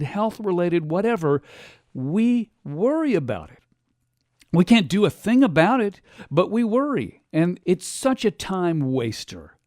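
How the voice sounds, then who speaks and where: A man hosting a radio talk show, delivering an animated monologue and acting out quotes in other voices. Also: on the high side, no echo, clean studio sound. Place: radio studio.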